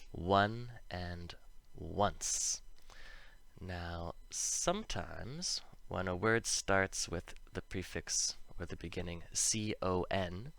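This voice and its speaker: Male pronunciation teacher; low, unhurried, deliberate delivery. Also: creaky, fairly bright tone, no room sound. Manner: slow, careful, drawn-out word demonstrations. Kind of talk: scripted pronunciation lesson.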